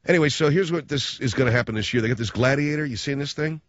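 A man hosting a show delivers a fast, sarcastic comic rant, swinging between loud mocking outbursts and low muttered asides. The lo-fi audio has no room sound.

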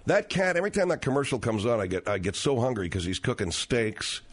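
A middle-aged man hosting a comedic talk radio show, riffing sarcastically on news stories with animated delivery. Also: medium pitch, a little fast.

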